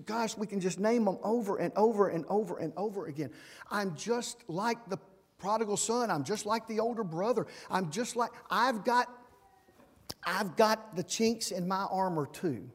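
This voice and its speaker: A man's voice: sits high, expressive, a little slow, breathy edge. A man, a pastor preaching a folksy, self-deprecating sermon and closing in prayer. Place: large church sanctuary. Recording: long reverb in a large hall.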